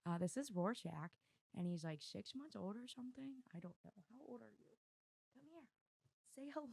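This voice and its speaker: Hoarse woman podcast host, gravelly, dry close sound, rambling self-deprecating chat. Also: lowish voice, dry recording. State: losing her voice. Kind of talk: casual chat. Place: room at home with dogs. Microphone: desk mic on video.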